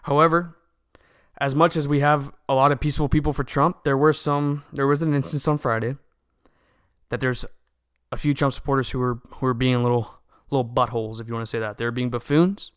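A man's voice: medium pitch, steady tone, brisk, a bit bright, clear, resonant tone, no room sound, clean studio sound. A man giving an earnest, lecturing opinion monologue to his viewers, often restarting phrases and checking in with "okay?". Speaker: political commentator. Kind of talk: casual opinion monologue to camera.

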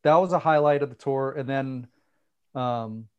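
A man telling an animated tour story in casual chat, swearing and acting out what people said. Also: mid-range voice, normal speed, clear, resonant tone, muffled recording.

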